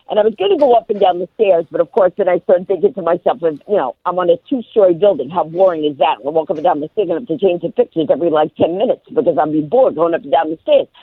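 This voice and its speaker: A woman rattles through a comic story at breakneck speed, her pitch leaping high and low as she acts out each voice. She comes through a tinny phone line that sounds dry and close, with no room around her. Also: husky, dry recording. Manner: rapid-fire, animated, acts out quoted voices. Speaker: guest, comedian and motivational speaker. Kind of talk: comic storytelling on live radio.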